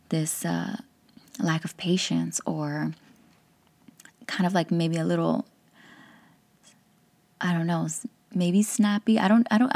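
A woman in her thirties talks through parenting advice in a candid, chatty podcast monologue. Her voice sits on the low side with a gravelly edge, and she laughs often. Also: darkish tone. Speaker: podcast host and life coach.

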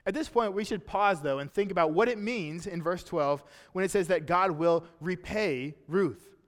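A young man preaching an earnest sermon, often dropping soft and low at the end of a phrase. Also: moderate pace. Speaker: pastor. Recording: long hall reverb.

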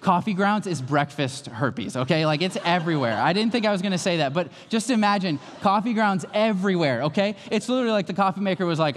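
A male pastor in his thirties preaching a sermon, with lively storytelling that swings from calm to loud. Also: high voice, a little fast, slight background noise. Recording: long hall reverb.

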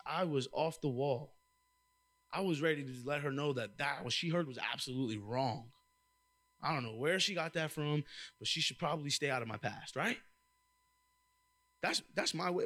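Young man preaching, higher voice, lively storytelling, crowd call-outs. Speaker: church intern preaching. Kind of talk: sermon.

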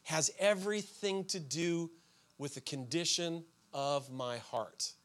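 A man preaching a sermon as pastor, telling everyday stories with sudden shouted outbursts. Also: on the high side, measured pace.

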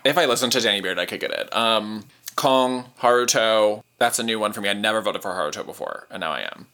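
A man's voice: lowish voice, fast talker. A man hosting and producing a podcast, chatting casually and gushing like a fan, with lots of "like"s. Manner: gushing, animated fan talk with many "like"s. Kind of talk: casual chat.

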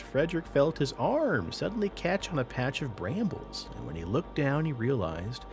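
A man hosting a paranormal podcast, telling a creature story in a lively way with casual asides. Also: fairly high pitch, vocal fry. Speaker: podcast host.

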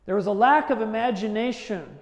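A male pastor preaching in a conversational, animated way, acting out the voices he quotes. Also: high-pitched, a little fast, echoey room, big-room sound. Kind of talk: sermon.

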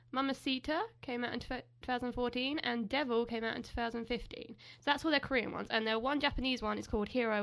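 A woman's voice: on the high side, fairly bright tone. A woman in her late teens co-hosting a casual chat, giggly and self-deprecating. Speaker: co-host.

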